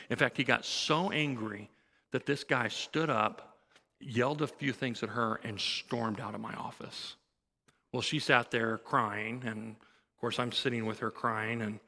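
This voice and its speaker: A man's voice: mid-range voice, creaky, sharp tone, big-room sound. A man preaching a sermon, telling a counseling story in a conversational way and acting out the dialogue. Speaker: pastor.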